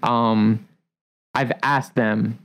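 A man's voice: medium pitch, drawn-out words, rough recording. Laid-back man chatting about coffee. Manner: relaxed, rambling, many fillers like "like". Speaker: coffee shop barista. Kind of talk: casual podcast chat.

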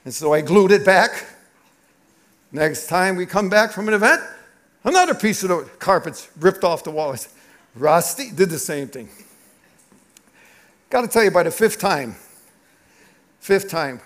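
A middle-aged man, a pastor, preaching a sermon through an animated, confessional personal story. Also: high voice.

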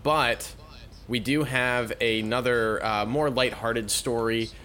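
On his laid-back news commentary show, this man speaks slowly in a sharp, mid-range voice with fairly even intonation. He reads the headlines out and follows each with sarcastic riffs.

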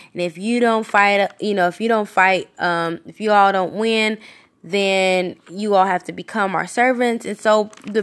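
A woman preaching a devotional podcast sermon in an earnest, conversational way. Her voice sits in a middle register and climbs high when she presses a repeated question. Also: a bit bright. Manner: casual fillers and self-restarts.

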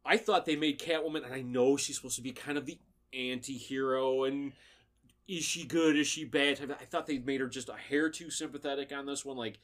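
A man's voice: mid-range voice, fairly even intonation, fairly quick, a bit bright. A man hosting a podcast in casual chat, opinionated, steering the talk from one segment to the next. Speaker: podcast host running the segments.

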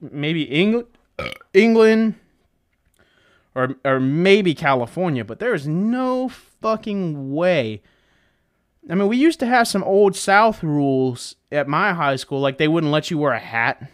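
A young man giving a heated, profane, rambling monologue, full of fillers and restarts. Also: on the high side. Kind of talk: casual ranting monologue.

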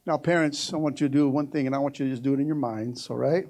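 A middle-aged male pastor preaching a sermon to his church, swinging from shouted exhortation to a quiet, close tone. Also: mid-range voice, fairly even intonation, quick pace. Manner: preaching with rising shouts, then dropping to a hushed, intimate tone. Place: church sanctuary.

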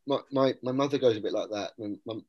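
A man from England hosting an interview, relaxed, with stumbling repeats as he talks. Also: medium pitch, fast talker, muffled recording. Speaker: host. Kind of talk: casual interview questions.

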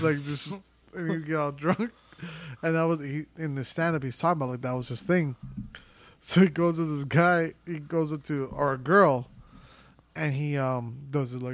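A man's voice: fairly high pitch, fairly even intonation, moderate pace, no room sound. A man co-hosting a casual podcast, telling loose, laughing stories with lots of swearing. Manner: loose storytelling, heavy swearing, frequent laughs. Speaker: podcast co-host.

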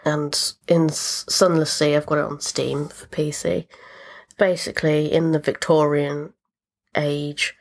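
A woman with a notably low voice talks through her recent games in a loose, rambling podcast chat. She wanders through asides and fillers. She sounds like a regular host settled into easy conversation. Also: little pitch movement, unhurried, gravelly. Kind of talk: casual chat about video games.

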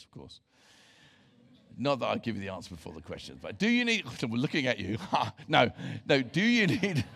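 A man's voice: fairly high pitch, fairly bright tone. A man preaching a sermon as pastor, emphatic and earnest, breaking into joking asides with his congregation.

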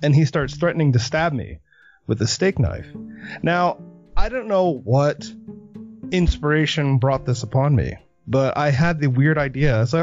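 A man hosting a podcast, telling a story in a lively, animated way during a casual interview. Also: fairly high pitch, normal speed, muffled recording, faint music behind. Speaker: podcast host.

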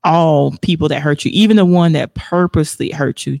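A woman's voice: sits low, fairly quick, vocal fry, dark tone, no echo, clean studio sound. A woman hosting a casual faith livestream, reflecting aloud and reading viewer comments, laughing often between remarks. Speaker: livestream host.

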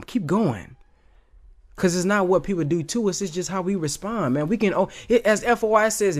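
In a slightly high voice, a man offers casual motivational commentary over video clips, speaking emphatically in slang and frequently addressing his listener as "man."

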